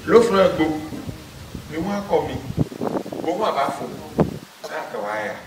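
Exuberant high-voiced man. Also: big pitch swings, a little fast. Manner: exuberant, sing-song, laughing. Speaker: storyteller. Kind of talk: animated folktale commentary. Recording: roomy, distant, background noise.

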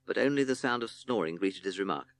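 A man narrating a children's audiobook in an expressive storytelling manner. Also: on the low side, quick pace, no echo.

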